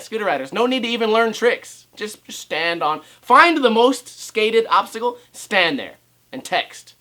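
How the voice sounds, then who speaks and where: His voice sits high with big pitch swings, a slightly slow pace, and a sharp tone. He is a young man ranting sarcastically about skateboarding in a home vlog, swearing and often mocking how others talk.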